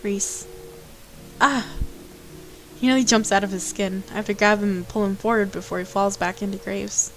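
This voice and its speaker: A woman streamer reads a visual novel aloud and breaks in with playful jokes. Her voice sits at a middle pitch, and faint music plays behind her. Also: fairly even intonation, moderate pace, pauses often, poor audio. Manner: playful, joking asides.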